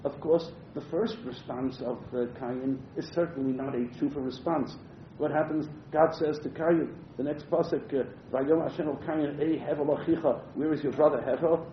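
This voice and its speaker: A man's voice: on the high side, steady tone, normal speed, a little hiss or hum. A man teaching a Torah class, reading Hebrew verses aloud and translating them, with frequent hesitant fillers between phrases. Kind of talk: text-based Torah class. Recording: muffled roomy classroom recording.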